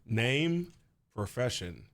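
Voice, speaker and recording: A man's voice: medium pitch, big pitch swings, slow pace, noisy background, pitched below the performer's own voice. Man doing a curt, cold prosecutor. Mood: stern. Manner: curt, commanding. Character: cold, stern young male prosecutor.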